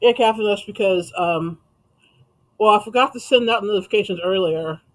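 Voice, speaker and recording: A man's voice: sits high, fairly quick, a bit bright, poor audio. A man hosting a casual livestream chat, talking easily with viewers, reading their comments aloud and laughing often. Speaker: livestream host.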